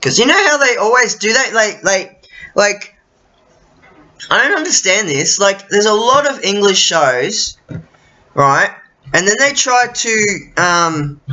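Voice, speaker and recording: A man rambling in a loose monologue, slow and unhurried, with a pitch that leaps around animatedly. His tone is bright and a little tense, and the lo-fi recording sounds dull. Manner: rambling, loses his thread, swears casually. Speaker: vlogger.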